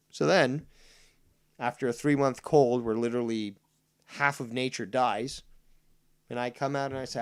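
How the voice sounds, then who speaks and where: A man hosting a livestream and delivering an indignant, profane rant. He swears heavily, repeats lines for emphasis, and slows right down to hammer home key points. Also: mid-range voice, steady tone, smooth. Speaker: livestream host reading viewer comments. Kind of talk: profane ranting monologue.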